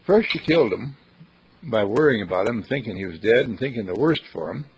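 A man's voice: mid-range voice, animated, brisk, a little hiss or hum. A man, a university dean, telling a folksy, dramatic story as a thought for the day, on a dull lo-fi recording. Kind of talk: storytelling talk.

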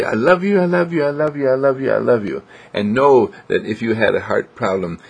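A man gently guiding listeners through a self-healing exercise, with a coaxing, repetitive manner. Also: on the low side, vocal fry, breathy edge. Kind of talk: guided self-healing instruction.

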